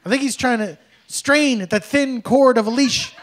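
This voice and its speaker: A middle-aged man performing a stand-up comedy set on a club stage, with an animated, exaggerated, mock-polite delivery. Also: very high voice, moderate pace.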